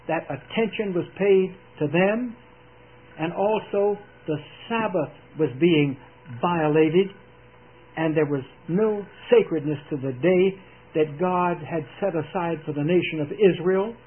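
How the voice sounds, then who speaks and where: Preacher guy, high voice, tinny old radio sound with a little hiss, earnest and emphatic. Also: a little slow. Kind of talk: sermon.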